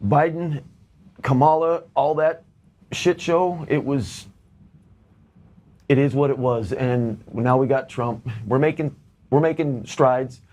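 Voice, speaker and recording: A man's voice: mid-range voice, slow, pauses often, darkish tone. A man speaking as a guest in a casual interview, blunt and plainspoken.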